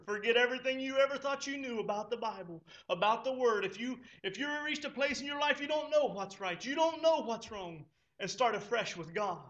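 A man's voice: very high-pitched, a bit bright. A man preaching a sermon at a church service, exhorting fervently and rising to impassioned pleas. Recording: dull lo-fi recording.

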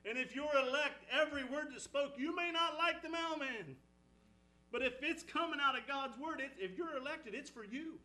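A man preaching an impassioned sermon, swinging between loud exhortation and hushed storytelling. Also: normal speed, rough recording. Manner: impassioned, rising and falling, drops low for storytelling. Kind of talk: fervent sermon.

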